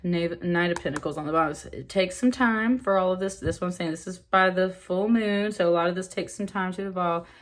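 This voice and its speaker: A woman's voice: lowish voice, a little fast, hardly any pauses. Chatty woman giving a tarot reading. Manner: chatty and excitable, many fillers and asides. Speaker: tarot reader. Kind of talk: casual spoken tarot reading.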